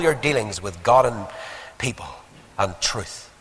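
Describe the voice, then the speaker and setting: Male preacher, lively pitch, storytelling sermon, long church-hall reverb. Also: measured pace. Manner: animated storytelling with rhetorical questions.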